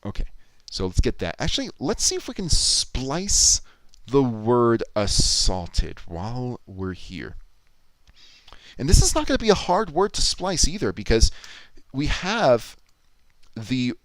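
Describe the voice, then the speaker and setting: A man's voice: medium pitch, wildly swooping pitch, a little slow, fairly bright tone, no room sound, rough recording. A man chatting casually on a livestream, thinking aloud and reading viewer comments out. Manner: musing, thinks aloud, reads chat comments out. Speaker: livestreamer editing a video.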